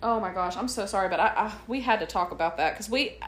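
A woman co-hosting a casual podcast, lively and quick to laugh and jump in. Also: medium pitch. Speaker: podcast co-host. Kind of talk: casual chat.

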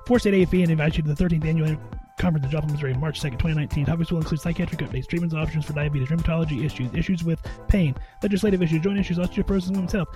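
A man putting on the voice of a fast-talking toy commercial announcer to read an ad. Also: on the high side, dark tone, faint music behind, close to an everyday voice. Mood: hyped. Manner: rapid-fire ad read.

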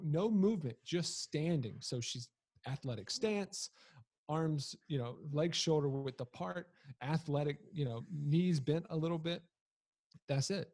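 A man in his thirties recounts a family story with a husky voice. He talks loosely and conversationally, with fillers and self-corrections, and finds the humor in it. The sound is dry and close. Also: fairly high pitch, a little mellow, dry recording. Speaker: storyteller, father. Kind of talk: casual personal storytelling.

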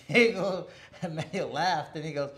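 A middle-aged man spins a story in a loose, conversational interview, circling back on himself with restarts and chuckles. His voice sits a little high for a man. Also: measured pace, fairly bright tone. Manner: rambling, many restarts, laughs while telling. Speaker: former boxer telling a story.

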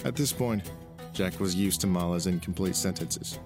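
Deep-voiced man narrating a story. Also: normal speed. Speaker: audiobook narrator. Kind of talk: scripted narration. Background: music.

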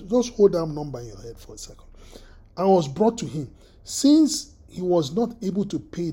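A preacher delivers a sermon in a mellow, husky voice. The delivery halts and doubles back on words, with frequent throat-clearing and questions tossed to the listeners. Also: mid-range voice. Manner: halting, repeats words, asks the listeners questions.

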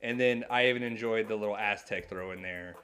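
Man co-hosting a comic-book chat, fairly low voice, animated, acts out lines, soft music bed. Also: a little fast. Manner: animated, acts out characters' lines while retelling. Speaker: podcast co-host.

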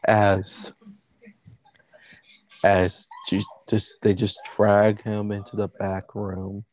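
A man narrating a casual role-play story as game master, in a halting, laid-back way. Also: lowish voice, monotone, a little mellow.

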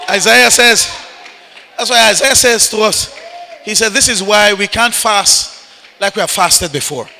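A man preaching a sermon, shouting and leading the congregation in chanted call-and-response refrains. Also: high voice, animated, takes it slowly, gravelly, long pauses, a faint crowd, slight background noise. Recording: echoey hall.

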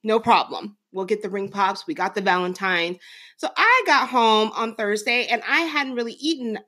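A woman co-hosting a casual talk show, an animated storyteller who laughs often. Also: medium pitch, normal speed. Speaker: podcast co-host. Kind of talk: casual chat.

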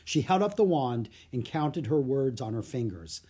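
Expressive, husky narrator reading a children's storybook. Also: mid-range voice, moderate pace, hardly any pauses.

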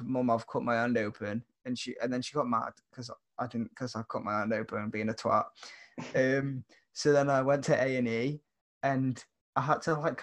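A young man, co-hosting a podcast and telling a story in casual chat, laughing often and using lots of fillers. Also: medium pitch. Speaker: podcast co-host.

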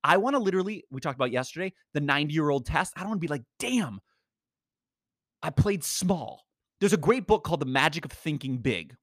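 A man hosting a podcast, giving an energetic, rambling motivational talk full of slang. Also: fairly high pitch, rapid-fire, hardly any pauses, dry recording, studio quality. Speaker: podcast host. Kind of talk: casual motivational monologue.

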